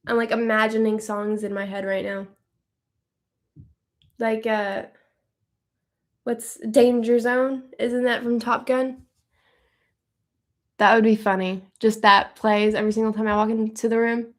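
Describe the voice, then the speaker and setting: A woman hosting a live stream, chatting casually and thinking out loud as she answers viewer questions. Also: on the high side, level tone, measured pace, pauses often. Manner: chatty and upbeat, thinking aloud.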